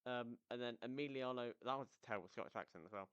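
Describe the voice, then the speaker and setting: Guy chatting football on his own, lots of tangents, smooth voice but kinda dull lo-fi sound. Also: medium pitch, quick pace, no echo. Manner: energetic, rambling with tangents. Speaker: football podcast host. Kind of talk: casual solo football recap.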